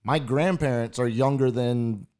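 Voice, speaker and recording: A man's voice: mid-range voice, unhurried, darkish tone. A man co-hosting a podcast, talking in casual chat in a reflective, hesitant way with many fillers.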